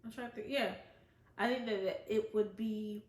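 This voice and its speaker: A woman's voice: mid-range voice, steady tone, normal speed, echoey room. A woman casually giving an opinionated, chatty review of a reality show. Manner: chatty, opinionated, quotes others in voices. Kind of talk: casual chat.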